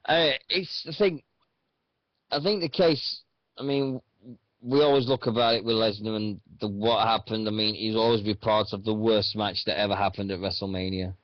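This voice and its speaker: On a radio show, a male host with a lowish, steady voice chats casually about wrestling at a moderate pace. He rambles and hesitates, using plenty of fillers, and the recording sounds dull and dry with no echo.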